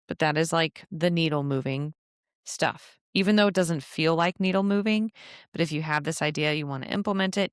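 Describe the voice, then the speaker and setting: Low-voiced chatty woman podcaster. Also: no echo, clean studio sound. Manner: chatty, laughs often, asides to herself. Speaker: podcast host and travel advisor. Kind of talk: casual solo podcast advice.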